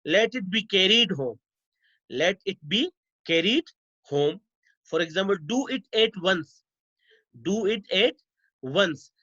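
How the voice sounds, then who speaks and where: Male teacher, grammar lesson, high voice, slow repeated examples, addresses dear students, dry dull lo-fi sound. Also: lively intonation, bright, forceful tone, dry recording. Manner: repeats each example slowly, stretching words.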